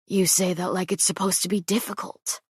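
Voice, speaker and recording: A woman reading the lines of a cocky, teasing young male prince in an audiobook, quiet and smug. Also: on the low side, steady tone, fairly quick, breathy edge, dry recording, clean studio sound.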